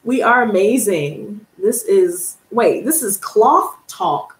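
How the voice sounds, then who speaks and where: A woman hosting a live tarot stream, reading out viewer comments and answering them in a gushing, excitable way that breaks into laughter. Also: medium pitch, slow pace. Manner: excitable, gushing, calls viewers girl and honey, bursts of laughter. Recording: echoey room with faint noise.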